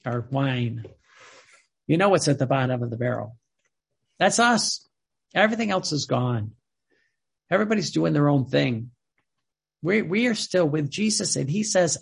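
Fervent high-voiced man preaching, gravelly. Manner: fervent, repeats words and phrases for emphasis. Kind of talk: sermon.

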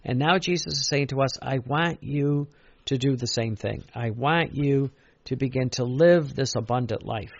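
A man's voice: mid-range voice, normal speed, vocal fry, no echo, highs cut off. A man preaching a sermon in an earnest, repetitive way, stressing key phrases and often restarting.

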